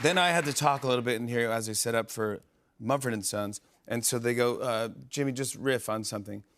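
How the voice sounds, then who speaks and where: Middle-aged guy hosting a late show, telling a story all excited, lots of uhs. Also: mid-range voice, a little fast, some chatter behind, a little hiss or hum. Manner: excited, laughing, rambling with many fillers. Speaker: talk show host. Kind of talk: casual storytelling monologue. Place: TV studio stage.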